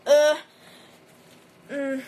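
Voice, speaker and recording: A woman's voice: high-pitched, completely flat delivery, very slow, darkish tone, slight background noise, rough recording. A young woman with a Mexican accent whose first language is Spanish, chatting casually into a phone and reading out fan comments, laughing often. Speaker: livestreamer answering fans.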